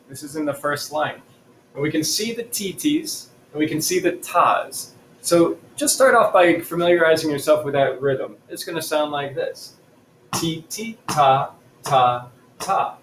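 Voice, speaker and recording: Guy teaching a drum lesson, kinda high voice, patient and clear, echoey classroom. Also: a little hiss or hum. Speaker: music teacher. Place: classroom with a chalkboard.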